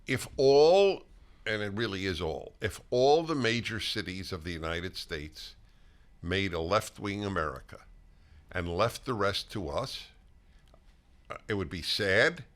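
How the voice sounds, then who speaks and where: An older man hosting a political talk show conversation, emphatic and halting, with frequent restarts. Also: on the low side, pushed and bright. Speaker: host.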